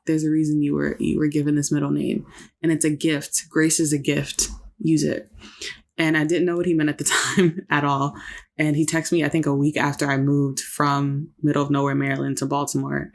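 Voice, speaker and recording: Woman co-host, warm storytelling tone, reflective and sincere, casual podcast chat. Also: sits low, gravelly. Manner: reflective, faith-filled storytelling.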